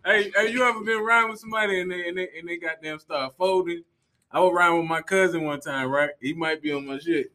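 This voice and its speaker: A man's voice: a little high, quick pace, pushed and bright. A man in casual chat, telling a story with a lot of laughter and animation, often repeating his phrases.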